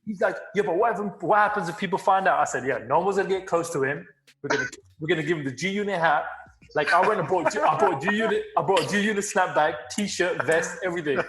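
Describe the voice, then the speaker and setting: A man co-hosting a podcast, telling a story in a casual, animated way with frequent laughs and swearing. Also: high-pitched, fast. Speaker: podcast co-host. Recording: roomy echo.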